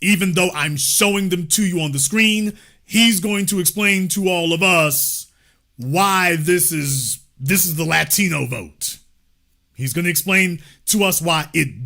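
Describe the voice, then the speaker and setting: Male livestream host: sarcastic and mocking, with a bright, forceful voice. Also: high-pitched, very animated, a little slow. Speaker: livestream political show host. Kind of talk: livestream commentary.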